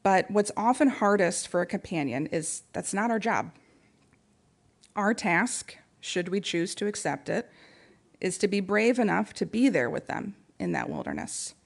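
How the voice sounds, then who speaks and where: Woman speaker with a gravelly voice. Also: on the low side. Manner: earnest, reflective storytelling. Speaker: guest speaker. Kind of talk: personal talk to a spiritual community.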